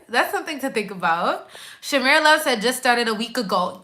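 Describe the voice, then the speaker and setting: A woman's voice: a little high, animated, normal speed, heavy background noise. A woman from Quebec, a nurse and YouTuber, chatting casually on a live stream and reacting to viewer comments with slangy, emphatic asides. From Quebec, Canada.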